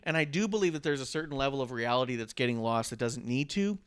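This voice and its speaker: A man hosting a casual wrestling podcast, animated and swearing freely, often mocking himself. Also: medium pitch, quick pace, clean tone. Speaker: podcast host.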